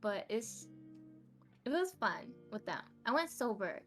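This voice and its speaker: With faint music in the background, a young American woman speaks a little slowly, her fairly high, fairly bright voice swinging widely in pitch. She's a guest on a podcast, chatting casually about her life, giggly and quick to laugh at herself.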